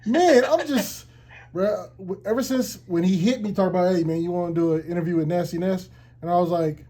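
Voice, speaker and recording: A man interviewing a guest in casual radio talk, animated and full of slang and swearing. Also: sits high, brisk.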